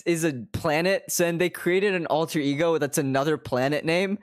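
A man's voice: a little high, fairly even intonation, moderate pace. A young man live streaming from his desk at home, chatting casually, swearing constantly, laughing often and slipping into other accents.

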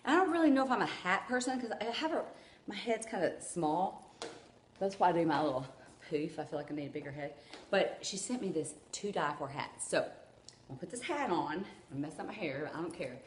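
A woman vlogging an unboxing at home, gushing and rambling with excitement. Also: on the low side, brisk, slight background noise. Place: room at home. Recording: echoey room with faint ambience.

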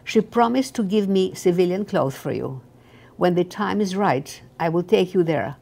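An older woman reads out a young German soldier who whispers urgent, tender warnings. The voice sits low with a gravelly edge, and it stays hushed and secretive the whole time. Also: lively intonation, normal speed.

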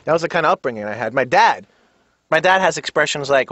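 A man's voice: on the high side, fast talker, dry recording. A man from New York City with a New York accent, telling ranting stand-up style stories as a therapy patient in a cartoon. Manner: animated, ranting, breaks into voices. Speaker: comedian patient. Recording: slightly dull lo-fi TV audio.

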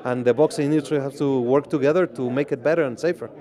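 A man with a Mexican Spanish accent, giving measured interview answers at an outdoor press event. He talks in a deliberate, halting way with many pauses. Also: medium pitch, fairly even intonation, crowd noise. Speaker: boxing organization president.

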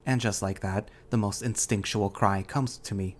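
A man reads a first-person audio story with a steady, measured delivery. His voice sits on the low side. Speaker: narrator.

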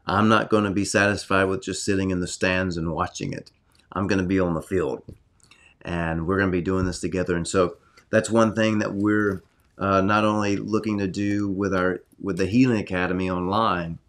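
A middle-aged man with a fairly low voice leads a livestreamed sermon from his home study. He preaches with earnest, excitable energy and moves into prayer. His delivery stays personal and direct. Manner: earnest, excitable preaching, reads prophecy aloud. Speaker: pastor hosting a weekly healing livestream.

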